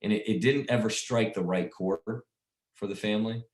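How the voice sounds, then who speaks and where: A man's voice: fairly low pitch, normal speed, reverberant. A man casually coaching insurance agents on sales calls, rambling and repeating himself as he talks. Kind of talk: casual sales training talk.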